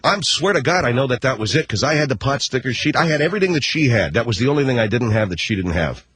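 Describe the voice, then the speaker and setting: A middle-aged man telling a story on the radio in an animated, slangy way. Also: mid-range voice, fast, slightly rough, no echo. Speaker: radio host. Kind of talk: storytelling monologue.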